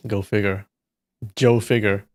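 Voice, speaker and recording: A man's voice: lowish voice, level tone, a little slow, a little mellow, no room sound. A man hosting a live stream, chatting casually with viewers and joking and teasing with frequent laughs.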